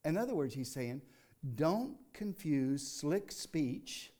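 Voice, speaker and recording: An older man preaching a sermon in a folksy, conversational way, rising into emphatic reading and dropping to quiet asides. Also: on the high side, sing-song, slow pace. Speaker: pastor.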